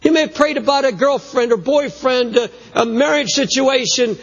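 A high-pitched man preaches earnestly in a large church auditorium, stumbling and restarting as he goes. The recording is dull and muffled, with a long reverb from the hall. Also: moderate pace. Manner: earnest preaching with repeated restarts, quoting letters. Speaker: pastor. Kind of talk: sermon.

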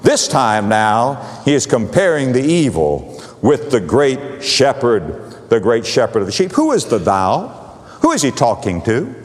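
A man's voice: huge pitch swings, measured pace. Man preaching with a wide, swinging voice. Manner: dramatic preaching cadence, repeats phrases, swings from booming to hushed. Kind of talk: sermon. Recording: long hall reverb.

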